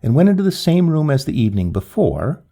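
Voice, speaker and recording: A man reading a first-person tale aloud as narrator, with an expressive delivery that lifts suddenly. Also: on the high side, a little fast. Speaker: story narrator.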